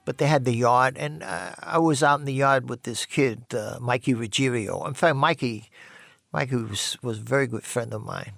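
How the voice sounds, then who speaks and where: An older man casually telling his own rough life story, blunt and profane, rambling with many restarts. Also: mid-range voice, normal speed, fairly bright tone, dry recording, clean studio sound.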